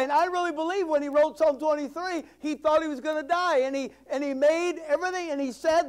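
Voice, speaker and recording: A man preaching a sermon in a strikingly high voice. He swings from ringing, emphatic declarations to hushed asides that pull the congregation in. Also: moderate pace. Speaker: pastor.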